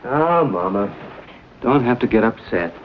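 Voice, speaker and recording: An actor playing a bold frontier adventurer who talks in a wry, easygoing, cocky way. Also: male voice, medium pitch, very animated, a little slow. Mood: defensive. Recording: dull old TV audio with hiss.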